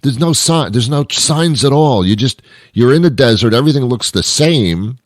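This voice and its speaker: A man's voice: mid-range voice, expressive, normal speed, no room sound, studio quality. A man hosting his own show, delivering a rambling comic monologue full of wry asides and self-interruptions. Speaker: show host. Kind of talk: comedic monologue.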